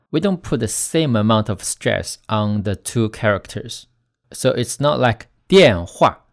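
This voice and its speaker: A man teaching Chinese pronunciation in a scripted lesson, slowly demonstrating tones with stressed example words. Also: medium pitch. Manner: slow, deliberate, demonstrating tones with stressed syllables.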